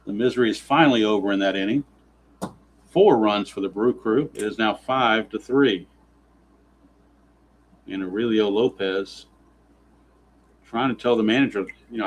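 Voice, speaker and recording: A lower-voiced man calls a tabletop baseball game play by play, reading out dice results. He grumbles and turns sarcastic whenever the rolls go against him. A faint hiss of background noise sits under his voice. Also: moderate pace, long pauses, poor audio. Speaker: tabletop baseball simulation player narrating. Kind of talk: play-by-play style game narration.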